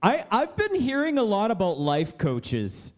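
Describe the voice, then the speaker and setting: A man's voice: high voice, huge pitch swings, measured pace. A man hosting a casual podcast chat, rambling and filling his talk with "like". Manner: rambling, full of "like" fillers. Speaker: podcast host.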